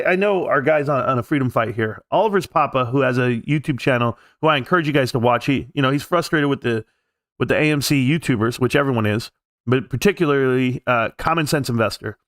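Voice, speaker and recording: A man's voice: mid-range voice, a bit bright, no room sound, studio quality. A man hosting a livestream, ranting casually about stocks in a brash, taunting, profane way. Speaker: livestream host. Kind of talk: casual stock-market rant.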